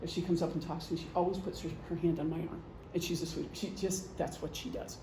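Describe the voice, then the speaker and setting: A middle-aged former police officer talks to a meeting in a relaxed, joking lecture, chatty and full of acted-out gestures. Her low-pitched voice is fast with fairly even intonation. Background noise is present in the echoey meeting room recording.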